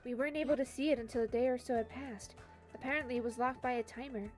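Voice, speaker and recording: A woman reading the lines of an earnest young female classmate in a visual novel, in a quick, matter-of-fact way. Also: a little high, fairly even intonation, a little mellow, faint music behind, voice pushed down, lightly acted.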